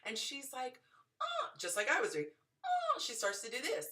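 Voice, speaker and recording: A woman hosting a dating advice show, telling stories in an animated way and acting out the people in them. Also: on the high side, fairly quick, recorded from a distance. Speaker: podcast host giving dating advice. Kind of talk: casual storytelling advice.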